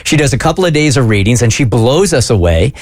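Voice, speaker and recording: A male radio host telling stories with a lively, swooping voice. He sounds close and dry on a studio mic, in easy casual banter. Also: mid-range voice, fast talker, no room sound. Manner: animated storyteller, lively delivery.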